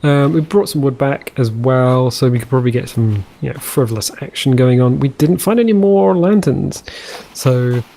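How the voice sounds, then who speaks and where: A man's voice: medium pitch, lively intonation, normal speed, creaky, warm tone. A man giving casual, chatty commentary over his own gameplay, easily delighted and trailing off mid-sentence as he explores. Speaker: let's play host.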